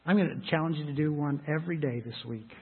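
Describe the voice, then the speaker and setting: High-voiced guy preaching, kinda husky, sounds like a phone recording in a big echoey church. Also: fast talker. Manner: conversational, emphatic preaching with acted asides. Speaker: pastor. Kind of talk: sermon. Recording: phone-like audio with long hall reverb.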